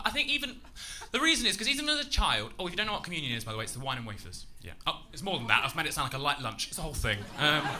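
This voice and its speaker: A young man with a Lincolnshire accent doing a chatty, self-mocking stand-up set on a comedy club stage. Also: sits high. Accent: Lincolnshire English. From England. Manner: chatty, self-mocking, with loud shouted bursts. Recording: live club recording with crowd noise.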